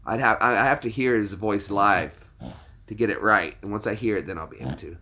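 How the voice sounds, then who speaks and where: With a lowish, sharp-toned voice and a fairly quick pace, this U.S. livestream host keeps things jokey. He laughs readily and talks back and forth with his viewers.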